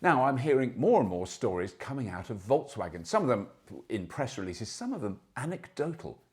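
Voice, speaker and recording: A man's voice: medium pitch, big pitch swings, brisk, darkish tone. Man, sixties, show host, casual news commentary, chatty asides, anecdotal. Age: 60s.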